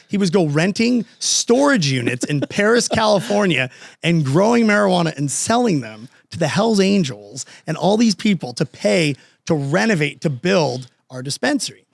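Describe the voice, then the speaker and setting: Animated man with a gravelly voice. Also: high voice, no echo, studio quality. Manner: animated, slangy storyteller who acts out both sides of conversations. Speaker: podcast guest. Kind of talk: casual storytelling in a podcast interview.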